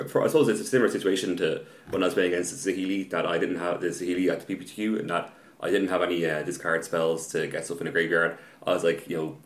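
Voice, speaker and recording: A man telling a story about a card game match in casual podcast chat, halting and repeating words, getting animated as the story builds. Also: deep voice, roomy sound.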